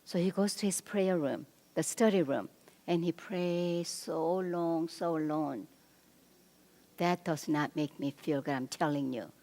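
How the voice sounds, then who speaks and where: A woman's voice: sits low, measured pace. Woman lecturing in a reverberant church hall. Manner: animated, directly coaching the men in the audience. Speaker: marriage seminar speaker. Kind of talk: church seminar talk.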